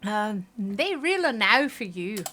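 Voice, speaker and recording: A woman voicing a scornful awakened soul of a woman in a put-on Scottish accent, reading a game aloud with a slow, loud drawl. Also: medium pitch, big pitch swings, a little hiss or hum, heavily acted.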